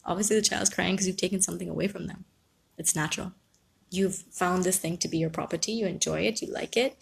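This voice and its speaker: Calm woman giving advice. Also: fairly low pitch, quick pace, vocal fry, husky. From Guyana. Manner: calm, reassuring, reads out viewer comments. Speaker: counsellor. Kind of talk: live-stream advice talk.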